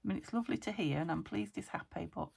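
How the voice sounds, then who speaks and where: A woman's voice: mid-range voice, fast, gravelly, a little mellow, breathy edge. A woman casually chatting to herself as she works on a junk journal, thinking aloud and often slipping into a whisper. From United Kingdom. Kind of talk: casual crafting chat.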